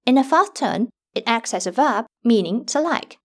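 A woman teaching a Mandarin lesson in clear, careful scripted narration, slowing down on the example words. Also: a little high, expressive.

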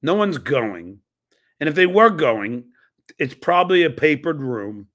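A man's voice: a little high, very animated, a little slow, fairly bright tone. A man hosting a podcast, reading out viewer donations and firing back blunt, profane retorts. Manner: reads messages aloud and snaps back with blunt, profane retorts. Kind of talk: casual live-stream chat.

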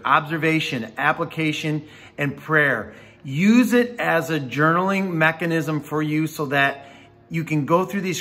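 A man, a campus pastor, giving a devotional Bible teaching in a conversational, animated storytelling way. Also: fairly high pitch.

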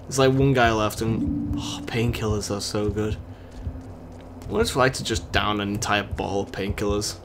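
A man's voice: lowish voice, steady tone, moderate pace, background noise. A young British man giving rambling, sarcastic let's-play commentary while he plays a game. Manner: rambling, sarcastic running chatter. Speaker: gaming channel host.

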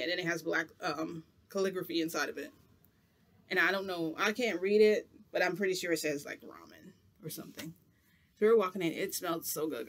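A man's voice: high-pitched, fairly bright tone. A man chatting to camera as a vlogger, telling a long rambling story full of "like" in a casual, chatty way.

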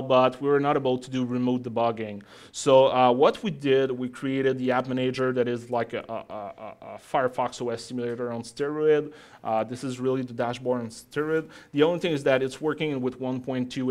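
A man presenting a live software demo to an audience, chatty and joking with the crowd between steps. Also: mid-range voice. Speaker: tech conference speaker. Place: talk in front of an audience.

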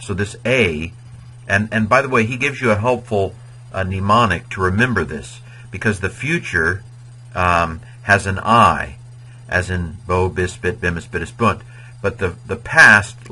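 A man's voice: low voice, unhurried, pushed and bright, breathy edge, poor audio. A man teaching Latin grammar in an informal video lecture, chatty and digressive, sometimes chanting verb endings in a sing-song rhythm. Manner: chatty and digressive, with many fillers.

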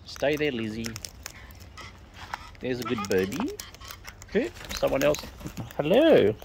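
A woman's voice: a bass voice, wildly swooping pitch, slow, vocal fry, heavy background noise. A woman talking to the wild birds she is feeding outdoors, in coaxing sing-song baby talk. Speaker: bird-feeding vlogger. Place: outdoors in a garden. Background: bird calls and animal sounds.

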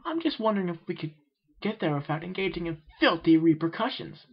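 A man doing a shrill prissy pony lady. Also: sing-song, a little fast, husky, heavily acted. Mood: fussy dramatic. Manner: shrill falsetto, drawn out. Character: prissy theatrical female pony, dramatic. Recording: muffled amateur home recording.

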